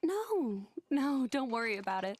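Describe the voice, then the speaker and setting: Pyra, a gentle young blade. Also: female voice, on the high side, sing-song, unhurried, a little hiss or hum. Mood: kind. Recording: game audio under commentary.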